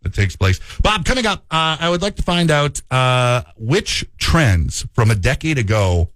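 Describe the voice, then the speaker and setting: A man's voice: medium pitch, very animated, a little slow, a bit bright, no room sound. A man co-hosting a radio show, chatting casually and playfully and stretching words for emphasis. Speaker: radio co-host.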